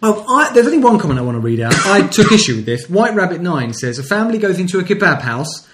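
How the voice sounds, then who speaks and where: A man's voice: high-pitched, very animated, fast talker, noisy background. A man from co-hosting a podcast, reading out local news stories with frequent laughter in a casual comic chat. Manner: reads news stories aloud, laughing often. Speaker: podcast co-host. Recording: roomy echo.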